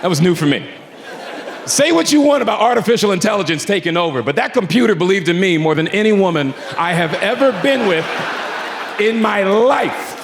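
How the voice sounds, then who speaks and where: Male stand-up comic, high lively gravelly voice, booming hall with a laughing crowd. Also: brisk, noisy background. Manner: animated storytelling with acted quotes, growing exasperated. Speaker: stand-up comedian. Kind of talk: stand-up comedy set. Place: comedy club stage before a live audience.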